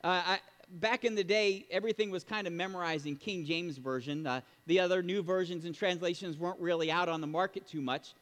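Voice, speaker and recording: A man preaching a sermon as pastor, emphatic and animated, with sudden loud exclamations. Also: high-pitched, brisk, long reverb tail.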